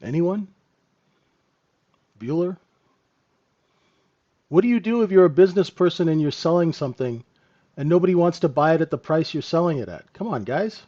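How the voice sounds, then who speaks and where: Talking fast with lively intonation, a man hosts a live trading lesson in a warm, somewhat high voice. He's casual and keeps adding "right?" after many points, while the recording cuts off the highs.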